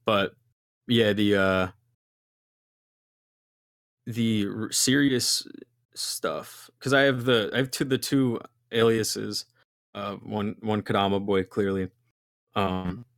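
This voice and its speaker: A man's voice: on the low side, slow, long pauses, fairly bright tone, no room sound, clean studio sound. A young man, a musician guest, talking casually in a rambling, swearing way with lots of fillers. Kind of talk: casual interview chat.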